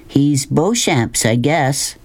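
A woman's voice: a bass voice, animated, a little mellow, full character voice. A woman reading aloud, voicing a shy young boy who stammers and hesitates. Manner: halting, stammering, reluctant.

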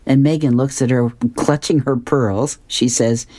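Older lady reading the funnies on air, super deep voice, takes her time, chuckles a lot. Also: fairly even intonation, unhurried, few pauses, warm tone. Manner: amused, laughs often, acts out characters' lines. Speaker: radio reader of comics. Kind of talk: reading comic strips aloud.

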